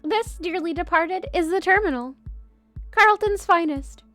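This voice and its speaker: A woman's voice: extremely high pitch, unhurried, pushed and bright, faint music behind, pitched above the performer's own voice, heavily acted. Woman voicing a sardonic cafe barista. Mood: teasing. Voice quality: attempted Australian accent. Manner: dry, mocking.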